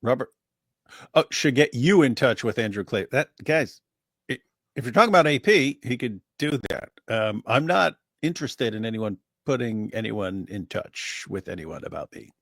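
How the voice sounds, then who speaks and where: A man's voice: medium pitch, moderate pace, vocal fry, fairly bright tone, no echo, studio quality. A man co-hosting a casual livestream, joking and bantering, often mimicking other people. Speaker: livestream co-host.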